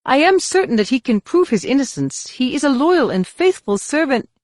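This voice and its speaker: A woman's voice: sits high, sing-song, normal speed, darkish tone, dry recording, clean studio sound, pitched above the performer's own voice. A woman voicing an anxious male court official pleading for a colleague in an audiobook.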